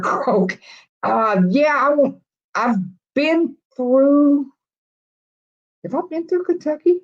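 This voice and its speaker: A woman's voice: mid-range voice, a little mellow, dull audio. A middle-aged woman with a Texas accent chatting casually with live viewers, rambling from one thought to the next. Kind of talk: casual live-stream chat.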